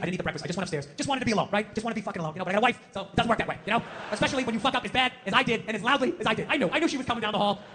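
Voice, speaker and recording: A man doing a stand-up comedy rant, loud and profane, acting out voices as he goes. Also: high voice, noisy background. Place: live comedy venue. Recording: reverberant live venue with faint ambience.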